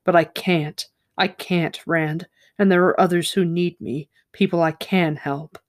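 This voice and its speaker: A man gives voice to a worn-out village healer woman who speaks quietly and firmly, holding back her feelings. Her lines come soft and measured, read from a fantasy novel. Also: fairly high pitch, fairly even intonation, close to an everyday voice. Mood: quiet resolve. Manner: quiet, firm, emotionless.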